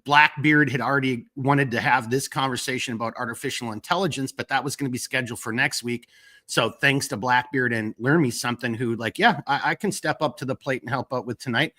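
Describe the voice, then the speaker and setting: A man hosting a live stream, chatting casually and rambling through fillers while reading out viewer shout-outs. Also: mid-range voice, fairly quick. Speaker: host of a live stream talk show.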